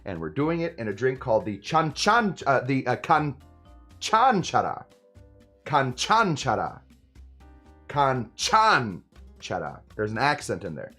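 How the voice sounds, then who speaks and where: A man in his forties, a bartender hosting a casual livestream, chatting with viewers in a lively way and stumbling over a tricky word. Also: medium pitch, normal speed, faint music behind. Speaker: host and bartender. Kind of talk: casual livestream chat reading viewer comments.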